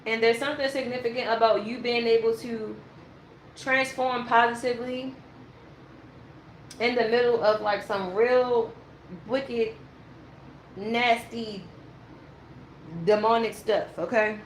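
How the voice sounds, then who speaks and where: A woman's voice: a little high, steady tone, slow pace, long pauses, reverberant, a little hiss or hum. A woman giving a blunt, ranting tarot reading in a casual monologue. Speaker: tarot reader.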